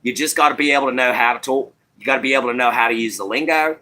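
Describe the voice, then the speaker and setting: A man's voice: mid-range voice, racing, sharp tone, close to an everyday voice. A man putting on a thick Australian outback accent during a casual live-stream chat, explaining things in a folksy, rambling way. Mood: playful. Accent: put-on Australian.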